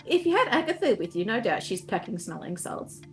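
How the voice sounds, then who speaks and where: A woman running a tabletop game as game master, narrating with lively reactions and laughter. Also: on the high side, a little fast, soft background music.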